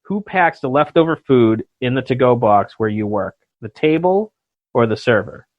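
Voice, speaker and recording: A man's voice: medium pitch, lively intonation, moderate pace, no echo. A man hosting a podcast in casual chat, joking and laughing often. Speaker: podcast host. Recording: dull lo-fi podcast audio.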